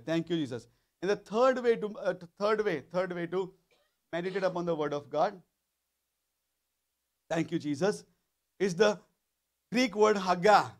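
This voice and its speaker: A male pastor preaching a sermon, often repeating phrases and asking the congregation questions. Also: sits high. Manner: repetitive, call-and-response questions to congregation.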